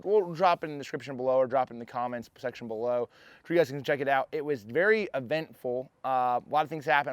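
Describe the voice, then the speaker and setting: A man's voice: medium pitch, dry recording. A young man hosting a fishing vlog, talking casually to the camera in an easygoing, rambling way. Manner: easygoing, rambling, many fillers. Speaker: professional bass angler and vlog host.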